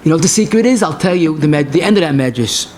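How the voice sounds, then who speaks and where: Male rabbi, high-pitched and fervent, storytelling lecture with faint background noise. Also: expressive, quick pace, a little mellow. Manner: passionate storytelling with Yiddish and Hebrew phrases. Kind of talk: Torah lecture.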